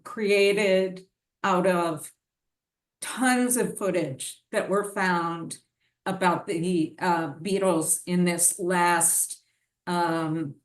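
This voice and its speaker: A woman hosting a lecture, with a measured manner, leading into her questions. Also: on the low side. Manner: measured, backchanneling host. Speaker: lecture host and interviewer. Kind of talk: hosted lecture conversation. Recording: distant mic in echoey hall.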